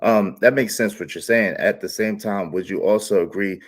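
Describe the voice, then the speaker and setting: A man ranting loudly and profanely as a commentator, swinging between shouting and a mocking slow monotone. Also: fairly low pitch. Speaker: commentator and panel participant. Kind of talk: reaction rant and panel discussion.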